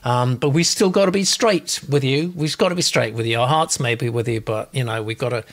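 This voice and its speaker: Gravelly male host reading chat comments. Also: mid-range voice, brisk. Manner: chatty, reads comments aloud with asides. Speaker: host, literary agent. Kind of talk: live show chat, reading out viewer comments.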